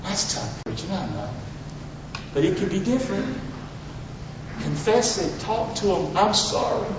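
A man preaching a Father's Day sermon in a church, leading call-and-response and swinging between loud exhortation and hushed asides. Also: high-pitched, big pitch swings, unhurried, background noise. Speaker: pastor. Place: church sanctuary. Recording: very echoey hall, distant mic, slightly dull.

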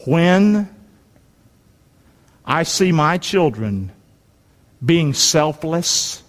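A man's voice: fairly high pitch, sing-song, drawn-out words. A man preaching a sermon, reading scripture aloud and leading the congregation to repeat it in a folksy, emphatic way. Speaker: pastor. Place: church. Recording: long echoey hall reverb.

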